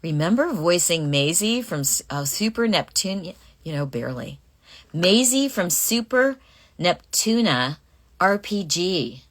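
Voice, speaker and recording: A woman's voice: lowish voice, very animated, measured pace. A middle-aged voice actress casually answering fan questions on a livestream, reading them aloud and musing over her answers.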